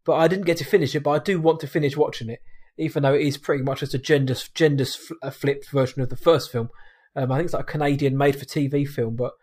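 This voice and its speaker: A man's voice: medium pitch, steady tone, fast, darkish tone. A man co-hosting a film podcast, casual chat that rambles and corrects itself, often laughing.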